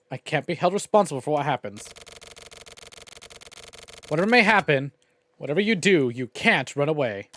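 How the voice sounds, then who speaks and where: A man's voice: on the high side, slight background noise, natural voice. A man reading out the lines of a menacing male enforcer who threatens a resident through a door in a cold, formal way.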